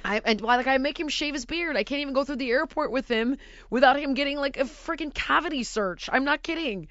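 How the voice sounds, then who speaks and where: A woman's voice: high voice, fairly quick, no echo, highs cut off. A woman hosting a casual podcast, telling a family story bluntly and acting out the quotes. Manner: blunt, animated, acts out quotes. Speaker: podcast host.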